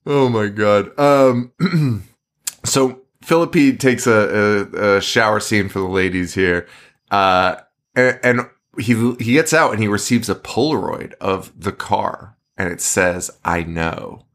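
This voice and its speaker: A man's voice: fairly low pitch, animated, slow, a bit bright. A man co-hosting a horror film podcast, telling the story in a loose, profane, laughing way. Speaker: podcast co-host. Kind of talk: casual film podcast chat.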